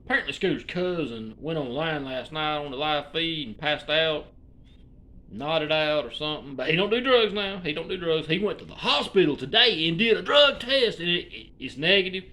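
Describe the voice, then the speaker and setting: A man's voice: on the high side, expressive, normal speed, bright, forceful tone. A man in his forties with an Alabama accent, ranting casually to his viewers in a rambling, profane, drawling way. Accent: Alabama Southern US. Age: 40s. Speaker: vlogger.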